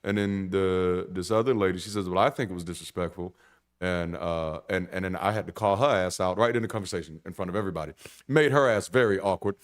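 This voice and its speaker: A man preaching in a conversational sermon style, blunt and animated, swearing casually and restarting sentences. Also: low voice, quick pace, clear, resonant tone. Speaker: pastor.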